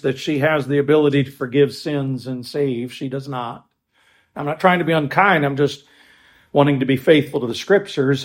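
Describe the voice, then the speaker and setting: A man preaching a sermon with emphatic stresses and quiet asides, stopping now and then to restart a phrase. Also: a little high. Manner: swings between loud stresses and quiet asides. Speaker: pastor.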